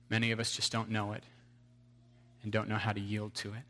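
A man's voice: lowish voice, completely flat delivery, brisk, fairly bright tone. A man preaching an earnest sermon, telling a story to his congregation.

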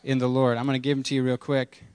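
A man's voice: medium pitch, monotone, quick pace, a little mellow, clear, resonant tone, no room sound. A man preaching a sermon in a conversational, humorous way, with playful asides and emphatic repetition. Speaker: pastor.

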